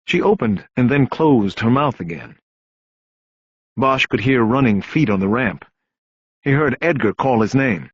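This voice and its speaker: A male narrator reads crime fiction in a husky voice with lively rises and falls of pitch. The recording is dry and slightly dull, with no room around it. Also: a little slow, pauses often, no echo. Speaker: audiobook narrator. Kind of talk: scripted crime novel narration.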